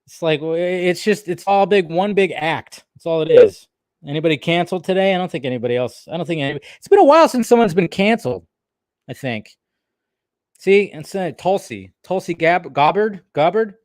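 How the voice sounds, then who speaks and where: A man's voice: on the high side, expressive, normal speed, a little mellow, no echo, studio quality. A man hosting a casual live stream, talking loosely and chatting with his viewers. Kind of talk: casual livestream chat.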